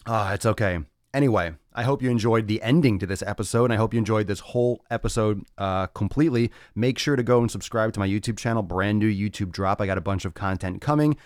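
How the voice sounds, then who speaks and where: A man hosting a casual solo podcast, loud, laughing and profane, talking on a close mic. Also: lowish voice, quick pace, no echo. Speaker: podcast host.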